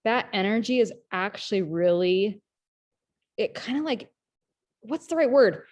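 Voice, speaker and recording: Chatty, energetic woman giving a pep talk. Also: mid-range voice, unhurried. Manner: energetic and chatty, often addressing listeners as "you guys". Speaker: team leader in a direct-sales team. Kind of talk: motivational pep talk on a group call.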